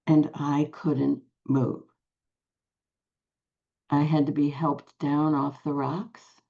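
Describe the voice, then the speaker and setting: An older woman telling a personal spiritual story to a group, slow and hushed, with long pauses and soft whispered phrases. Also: low-pitched, level tone, gravelly, lo-fi sound. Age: 60s or older. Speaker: spiritual teacher.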